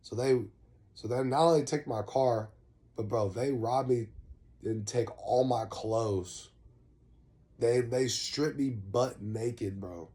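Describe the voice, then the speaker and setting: A man's voice: mid-range voice, takes it slowly, warm tone. A young man casually telling a long story, rambling in heavy slang and swearing freely. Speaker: vlogger.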